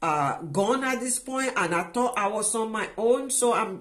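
A middle-aged woman giving an emotional personal testimony, halting and restarting often as she speaks. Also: on the high side, animated. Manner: halting and emotional, with many restarts and trailing phrases. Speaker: guest sharing a personal testimony.

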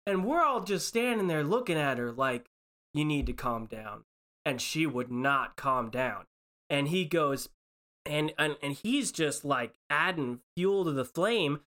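A woman's voice: low-pitched, unhurried. A woman telling a story in casual chat, acting out the people in it. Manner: animated storytelling with acted-out voices.

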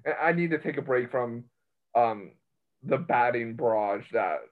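A man hosting a casual sports podcast. He rambles in an excitable way and keeps cutting into his own sentences. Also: medium pitch, measured pace. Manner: rambling, excitable, self-interrupting. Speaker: college baseball podcast host. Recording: tinny phone-line sound.

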